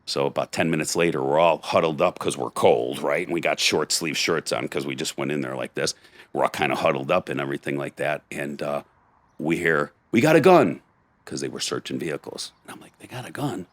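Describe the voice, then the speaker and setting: A middle-aged man with an extremely low, deep voice tells a hard-edged story as a podcast guest, in blunt street talk. The sound is dry and close, with no room echo. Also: steady tone, a little fast, a bit bright. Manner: gritty street-talk storytelling, acts out quotes. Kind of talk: storytelling in conversation.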